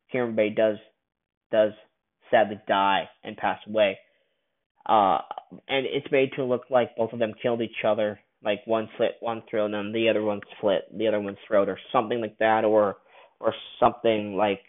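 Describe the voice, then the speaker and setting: Rambling man on a tinny line. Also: fairly low pitch. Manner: rambling, many restarts and stammers. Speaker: film reviewer. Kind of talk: casual film recap. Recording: tinny phone-like sound.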